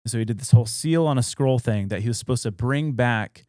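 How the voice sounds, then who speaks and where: A man's voice: mid-range voice, quick pace, warm tone, dry recording, studio quality. A young adult man, a podcast co-host, casually retelling a spooky old story with loose fillers and quoted dialogue.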